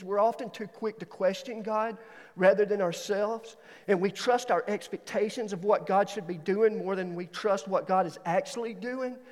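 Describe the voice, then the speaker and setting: A man from Alabama preaches a sermon, his voice sitting very high for a man. He tells personal stories with animated energy, slipping into an excited, quicker voice. The sound carries the long reverb of a church hall. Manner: animated storytelling, swings into excited higher voice. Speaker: student pastor. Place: church auditorium.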